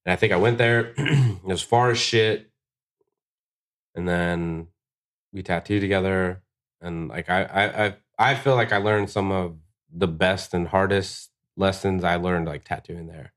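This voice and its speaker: A man in his thirties, a tattoo artist, telling casual, profane stories and acting out quotes in a raised voice. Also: a little slow. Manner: profane, animated, acts out quotes in higher voices. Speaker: tattoo artist, podcast guest. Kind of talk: casual storytelling chat.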